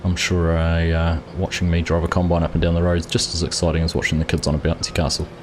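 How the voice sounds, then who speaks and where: A man's voice: sits low, completely flat delivery, quick pace, slight background noise. A man hosting a live farming game stream, chatting casually and greeting viewers by name while he plays. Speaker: livestream host. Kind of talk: casual gameplay commentary.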